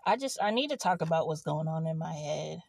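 A woman's voice: sits low, expressive, a little fast, vocal fry, darkish tone, no echo. A young woman vlogging casually from a car in an empty parking lot, rambling and laughing as she tells a story. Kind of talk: casual confessional vlog.

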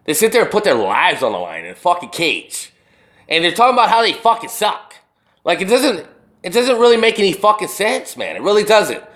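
A man's voice: high-pitched, big pitch swings, a little fast, fairly bright tone. A man hosting a solo podcast, talking in a rambling, profane and emphatic way. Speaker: podcast host. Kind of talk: casual solo podcast rant.

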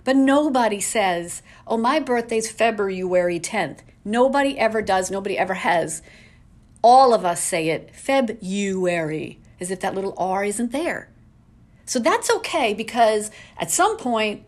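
A woman's voice: medium pitch, animated, moderate pace. A woman hosting a casual solo podcast from home, ranting in an exasperated way with lots of rhetorical questions. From New England. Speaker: podcast host.

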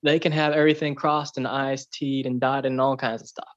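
A man's voice: mid-range voice, flat delivery, a little fast, muffled recording. A man on a podcast, chatting loosely and telling a fable, with plenty of "like" and "you know". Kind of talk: casual chat, storytelling.

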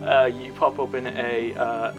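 A man's voice: mid-range voice, flat delivery, unhurried, music in the background. A man narrating as game master, laid-back and stop-start, often laughing.

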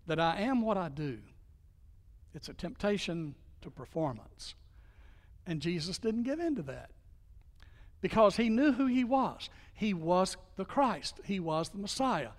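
A male pastor delivers a sermon in a conversational style, tossing out rhetorical questions and sinking to quiet emphasis on key lines. His voice sits on the high side for a man. The sound carries a long reverb, as in a church sanctuary.

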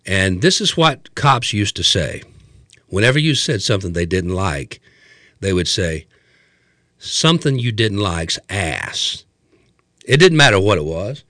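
Older man, comic storyteller, lively pitch, dry close sound, drawn-out delivery. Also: no room sound.

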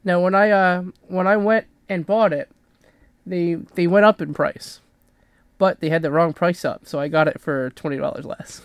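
A man's voice: high voice, fairly even intonation, moderate pace, clean tone, no room sound, studio quality. A man co-hosting a podcast, chatting casually and joking about wrestling and tools. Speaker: podcast co-host. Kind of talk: casual chat.

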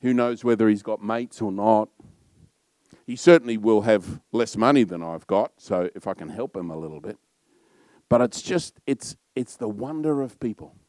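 A middle-aged Australian pastor preaches a sermon in a loud, warm, storytelling way. His pitch sits fairly low, and there's no echo.

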